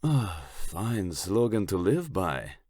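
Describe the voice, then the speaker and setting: A man voicing a menacing, slick Italian crime boss in an audiobook, with a put-on Italian accent and a slow, smug, suggestive delivery. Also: low-pitched, big pitch swings, darkish tone, dry recording, studio quality, pitched above the performer's own voice, exaggerated voice. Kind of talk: audiobook character voice.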